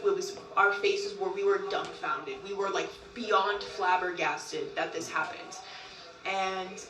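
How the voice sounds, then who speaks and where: A woman telling a long story in casual talk, animated, often laughing and acting out what others said. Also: medium pitch, distant mic. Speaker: group member recounting events. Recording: roomy, from off-mic.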